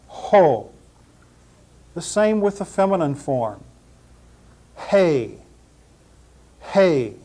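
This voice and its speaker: A man teaching pronunciation, saying each word deliberately and repeating it. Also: on the high side, darkish tone. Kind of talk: slow pronunciation drill.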